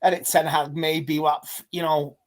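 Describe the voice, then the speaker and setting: A man's voice: on the high side, level tone, normal speed. A man talking as a guest fan pundit in a casual football podcast chat, rambling and stop-start, often restarting his sentences.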